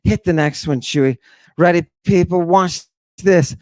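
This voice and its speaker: A man giving a theatrical lecture on ancient texts, firing off rhetorical questions and dropping into hushed tones. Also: high voice, a little slow, no echo. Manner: dramatic, rhetorical questions, sudden hushed drops.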